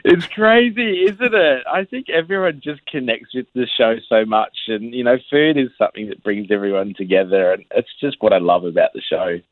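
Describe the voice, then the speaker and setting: A man's voice: medium pitch, moderate pace, hardly any pauses, dry recording. Cheerful man on a phone line. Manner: cheerful, laughs often. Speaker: cooking show contestant, guest. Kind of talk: phone interview.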